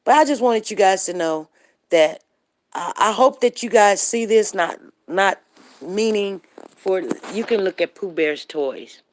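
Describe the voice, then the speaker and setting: A woman's voice: medium pitch, animated, a little slow, slight background noise. A woman vlogging at home into her phone, a little out of breath after a walk, chatting casually to her viewers. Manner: chatty, addresses viewers directly, talks to her dog. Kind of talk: casual live-stream chat while walking home. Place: at home, indoors.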